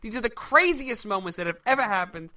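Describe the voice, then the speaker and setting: Brash loud man with a Brooklyn accent. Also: high-pitched, fast. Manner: brash, excitable, ranting. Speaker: comedy talk show co-host. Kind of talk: loud satirical talk show banter.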